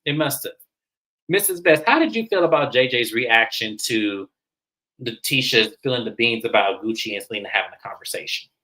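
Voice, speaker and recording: A woman's voice: rumbling low, fairly quick, rough recording. A woman hosting a casual recap show, talking bluntly with plenty of profanity. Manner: blunt and profane, acts out quotes in animated voices. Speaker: show host reviewing a reality series.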